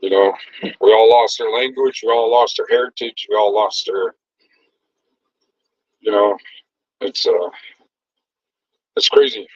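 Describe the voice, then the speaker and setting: A man's voice: fairly low pitch, steady tone, unhurried, pauses often, breathy edge, no echo. A middle-aged man talks loosely into his phone while cooking, full of easy laughs and fillers. The sound is close and dry, with no room around it. The audio comes through somewhat dull and muffled. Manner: laid-back, loose and chatty, with frequent laughs and fillers. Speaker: food truck cook and vlogger. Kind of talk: casual livestream chat.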